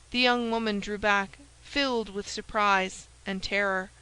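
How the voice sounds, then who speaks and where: A woman reading a classic novel aloud as an audiobook narrator, in a clear and measured way. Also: mid-range voice, fairly even intonation, pushed and bright, low-quality recording. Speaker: audiobook reader. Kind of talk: scripted narration.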